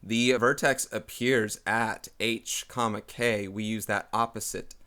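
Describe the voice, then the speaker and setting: A man's voice: fairly low pitch, fairly even intonation, measured pace, pushed and bright. A man, a math teacher, explaining a lesson step by step to his students.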